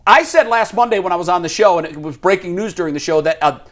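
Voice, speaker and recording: A man on a sports talk show argues his point with easy confidence. His voice sits a little high, and he often lets out a short laugh at his own remarks. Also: lively intonation, quick pace. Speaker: sports radio co-host.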